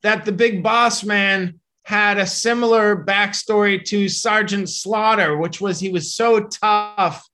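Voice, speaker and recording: Brief: high, bright-voiced male comedian, quick, stop-start chat. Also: fairly even intonation. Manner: fast, halting, with many restarts. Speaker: comedian guest. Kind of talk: casual podcast chat.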